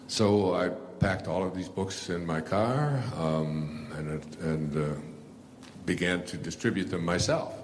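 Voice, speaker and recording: A man's voice: sits low, a little hiss or hum. An older man, an author telling a rambling story to an audience, full of fillers and restarts. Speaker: author and speaker.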